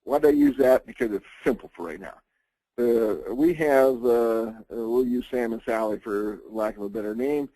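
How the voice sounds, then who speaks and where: A man's voice: medium pitch, normal speed, mellow, no room sound, low-quality recording. A man presenting an insurance planning webinar, talking conversationally with frequent fillers and restarts. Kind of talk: informal webinar lecture.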